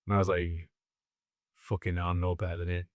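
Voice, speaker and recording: Podcast comic, deeper voice, animated storyteller, heavy swearing, dry sound. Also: male voice, a little fast, dry recording. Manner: swears constantly, animated anecdotes. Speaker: comedian podcast co-host. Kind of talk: casual storytelling chat.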